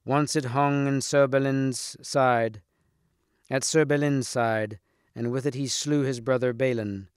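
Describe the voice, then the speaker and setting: Devout young storybook knight, calm and assured, male reader, dry mic. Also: mid-range voice, unhurried, clean tone, dry recording, lightly acted. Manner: serene, assured.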